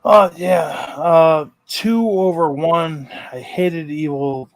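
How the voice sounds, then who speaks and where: A man's voice: a little high, slow, no echo, poor audio. A man in a casual movie chat who talks bluntly and swears freely.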